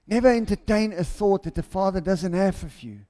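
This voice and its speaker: A man's voice: high-pitched, brisk, mellow. A South African man preaching a passionate, storytelling sermon as pastor.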